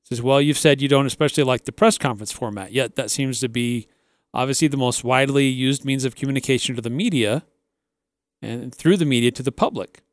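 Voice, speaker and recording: A man's voice: mid-range voice, brisk, dry recording. A man co-hosting a sports talk radio show, chatting casually and recounting stories. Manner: relaxed, conversational, recounting stories.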